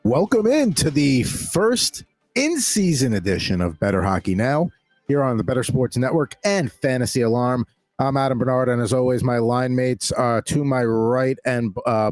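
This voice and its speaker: A man's voice: medium pitch, darkish tone, no echo. Male podcast host, dry voice, rambling and upbeat in casual chat. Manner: rambling, many restarts, upbeat.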